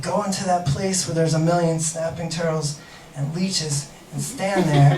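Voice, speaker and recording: A man's voice: on the high side, echoey room, recorded from a distance, poor audio. A man telling a rambling personal story on stage, restarting sentences and laughing at his own asides. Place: stage in a room.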